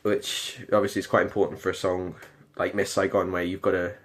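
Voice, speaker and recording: A British young man in his late teens, a performing arts student, records a casual video diary about practicing singing. His voice is low with little pitch movement and a slightly fast pace, and he rambles hesitantly with lots of ums and restarts.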